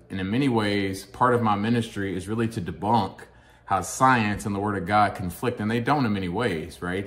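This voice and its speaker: An earnest man with a Kentucky accent delivers a sermon-style teaching in a fairly low voice. He keeps checking in with his listeners, asking "amen?" and "right?" as he goes. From Kentucky, USA. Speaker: guest speaker, psychologist.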